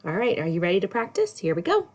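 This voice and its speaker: Sing-song woman teaching kindergarten. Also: mid-range voice. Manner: slow, sing-song spelling with lively ups and downs. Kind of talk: recorded lesson for young children.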